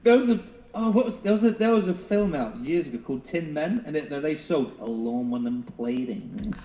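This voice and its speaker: A man's voice: a little high, animated, fairly quick, dark tone, echoey room, slight background noise. A British man chatting playfully on a live stream, joking and rambling with restarts. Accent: British English. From England. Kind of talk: jokey casual chat.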